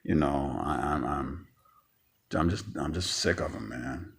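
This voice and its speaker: A man's voice: very deep voice, a little slow, creaky, breathy edge. A man ranting angrily in a vlog monologue, profane and stammering, repeating himself and sounding emotionally tired.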